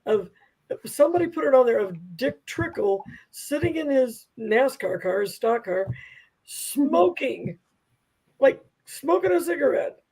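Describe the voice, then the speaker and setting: A woman hosting a sports talk show, asking the guest questions in a relaxed, chatty way. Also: sits high, measured pace, husky, poor audio. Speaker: host. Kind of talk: casual talk-show chat.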